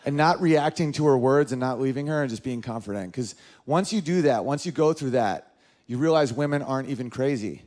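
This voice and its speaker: A man in his thirties doing an animated stand-up comedy routine, jumping in and out of character voices. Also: fairly quick. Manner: animated, jumps into high-pitched character voices.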